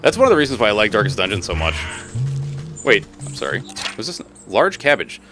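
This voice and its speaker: A man's voice: lowish voice, very animated, fast talker, over music. A man streaming a video game, reading its text aloud and reacting with jokes and frequent swearing. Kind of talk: casual gaming commentary.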